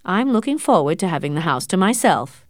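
A woman reading the part of a stern, cold older man, a wealthy doctor and father, speaking slowly and coldly. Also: on the low side, very animated, dry recording, studio quality. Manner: slow, cold and measured. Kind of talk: audiobook character reading.

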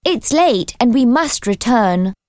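A woman reading a children's storybook aloud as narrator, clear and expressive. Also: a little high, slow, no room sound, clean studio sound.

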